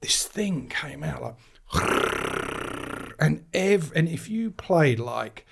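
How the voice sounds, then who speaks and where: A middle-aged man from England tells long, rambling cricket-dressing-room-style anecdotes in an easy conversational way. He gets animated as he goes, with lively swings in pitch, and often breaks into laughter. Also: slow, creaky, breathy edge. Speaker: guest, cricket managing director. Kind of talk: casual storytelling chat.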